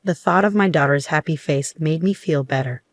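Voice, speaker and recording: Low-voiced woman narrating a story. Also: moderate pace, no room sound, clean studio sound. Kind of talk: first-person story narration.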